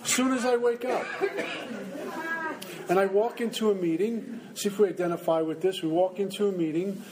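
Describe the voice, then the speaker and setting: His high voice stays steady and moderately paced as he jokes about himself and voices his inner thoughts for listeners at a recovery meeting. It's a rough recording from an indoor meeting room, with crowd noise audible.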